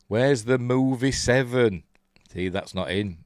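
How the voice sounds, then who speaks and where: A man's voice: medium pitch, a little slow, a little mellow, no echo, clean studio sound. An older man from Yorkshire with a Yorkshire accent, hosting a rambling, chuckling casual live-stream chat and reading out viewer comments. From Yorkshire, England. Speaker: host.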